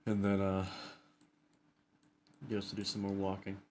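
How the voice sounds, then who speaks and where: A man narrating a tabletop game as dungeon master, halting and repeating words as he describes scenes. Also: sits low, monotone, darkish tone, slight background noise.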